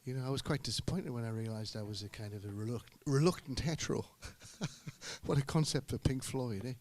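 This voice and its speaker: Gravelly middle-aged man joking on stage. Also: mid-range voice, fairly quick, darkish tone. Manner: joking, anecdotal storyteller. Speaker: singer-guitarist between songs. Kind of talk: rambling stage banter. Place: live music venue on stage. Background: guitar music.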